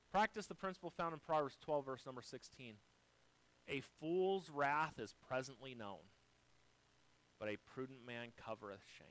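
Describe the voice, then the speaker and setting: A man preaching a sermon to his church. He moves from near-shouted emphasis down to hushed, gentle lines, and quotes scripture in a slow, deliberate voice. His pitch sits in an ordinary middle range. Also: rough recording. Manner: dynamic preaching, swinging from loud to soft, quoting scripture. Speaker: pastor.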